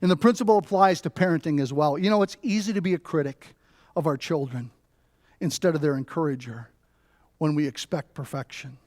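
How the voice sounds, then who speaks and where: Middle-aged guy preaching a sermon, fairly high voice, keeps asking the crowd right?. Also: darkish tone, dry recording, clean studio sound. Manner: storytelling with rhetorical "right?" asides. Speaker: pastor. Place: church.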